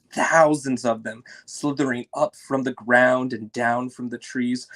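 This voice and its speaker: A man reads a story in the first person, voicing a child's toy in a soft, measured way. His voice sits mid-pitch with a gravelly edge and a husky, breathy grain.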